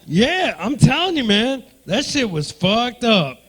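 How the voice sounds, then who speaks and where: Brash stand-up comic working a crowd. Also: male voice, very high-pitched, big pitch swings, slow, husky, low-quality recording. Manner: brash, crude, loud crowd banter. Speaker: stand-up comedian and emcee. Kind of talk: stand-up comedy with crowd work. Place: comedy club stage.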